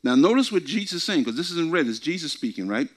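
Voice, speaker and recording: A man teaching from the Bible before a group, often asking questions and repeating his words, reading scripture slowly with emphasis. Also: on the high side, very animated. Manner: asks the congregation questions and repeats himself. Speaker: preacher. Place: church meeting before a group.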